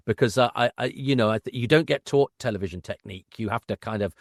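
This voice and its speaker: A man's voice: mid-range voice, quick pace, dry recording, studio quality. A middle-aged man, an actor and podcast guest, telling anecdotes in a wry, self-deprecating way.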